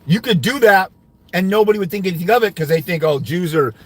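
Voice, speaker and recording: A man's voice: high-pitched, quick pace. A man giving fathers' rights custody advice, ranting indignantly during a livestream while answering comments.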